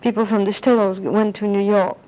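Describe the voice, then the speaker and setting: A woman's voice: mid-range voice, level tone, a little fast, dark tone, low-quality recording. An older woman being interviewed, reminiscing in a rambling way and slipping into French phrases. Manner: rambling, anecdotal, slips into French.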